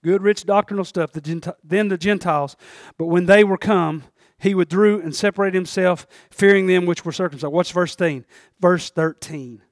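Man, preacher, high voice, dry sound, calls for amens. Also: normal speed, few pauses, no room sound. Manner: animated preaching, swinging from shouts to hushed asides. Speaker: pastor. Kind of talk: sermon.

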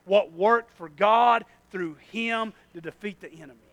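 High-voiced, emphatic preacher man. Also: measured pace, muffled recording, background noise. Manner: emphatic, repeats phrases, swings from loud to hushed. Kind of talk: sermon.

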